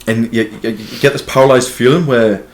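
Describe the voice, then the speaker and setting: A man co-hosting a casual podcast chat, telling animated stories with lots of swearing and laughter. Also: mid-range voice, fairly quick. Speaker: podcast co-host.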